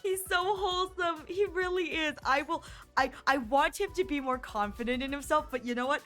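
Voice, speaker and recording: A young woman streaming a game, gushing and animated as she comments and reads lines aloud. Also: high voice, normal speed, faint music behind. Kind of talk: let's play commentary.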